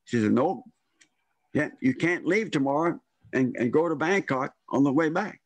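A man's voice: fairly high pitch, lively intonation, moderate pace, dry recording. An older man telling a long personal story in a rambling way, acting out the voices of the people in it. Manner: rambling, acts out quoted voices. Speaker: storyteller guest. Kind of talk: casual storytelling.

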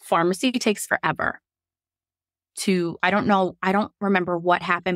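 Woman, 30s, from Virginia, podcast guest; frank, animated storyteller who quotes herself; dry close recording. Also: fairly low pitch, quick pace, no room sound. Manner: animated, quotes herself and others, laughs often; frank, swears casually. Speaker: podcast guest telling her birth story. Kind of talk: casual storytelling.

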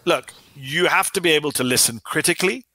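A man speaking as an author and guest in a podcast interview, talking fast and emphatically with an argumentative drive. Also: a little high, pushed and bright, dry recording.

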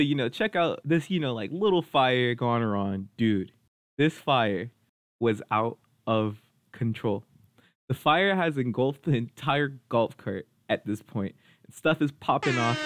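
A young man casually telling a funny story, animated and slangy, saying bro a lot. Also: medium pitch, moderate pace, no echo, clean studio sound.

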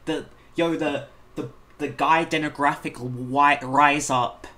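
A man's voice: a little high, fairly even intonation, slow, few pauses, bright, forceful tone. Rambling male reaction host. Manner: rambling, many fillers and restarts. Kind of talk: casual reaction commentary.

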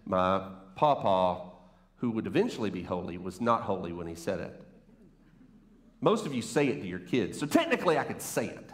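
Animated preacher man in an echoey church. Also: lowish voice, normal speed. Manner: animated, playful, conversational preaching. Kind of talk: sermon. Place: church sanctuary, preaching from a stage. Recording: roomy church echo.

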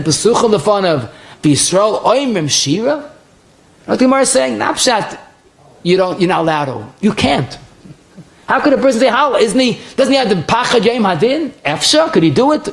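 A rabbi giving a conversational Torah class, mixing in Hebrew and Yiddish terms and often restarting his sentences. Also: sits high. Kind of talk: Torah lecture.

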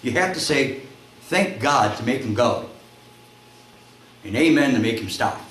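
A male pastor preaching a sermon, telling a story and acting out its voices, climbing to shouts at the high points. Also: expressive, a little slow. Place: church sanctuary. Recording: echoey church room, faint noise.

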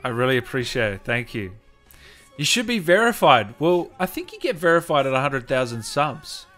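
A man hosting a livestream chats in a very animated, fairly bright mid-range voice at normal speed, with faint music in the background. He's upbeat and talkative, thanking viewers by name.

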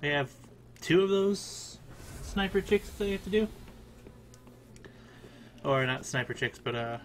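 A man's voice: a little high, animated, a little slow, slight background noise. A man playing a co-op game, chatting casually and joking back at his partner. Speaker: co-op gaming partner. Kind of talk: casual co-op gaming chat.

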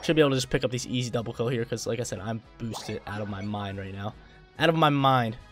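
Male gaming creator, mid pitch, quick trash-talk commentary. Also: a bit bright, faint music behind. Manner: hyped, trash-talking, repeats phrases. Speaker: gameplay commentator. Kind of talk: live gameplay commentary.

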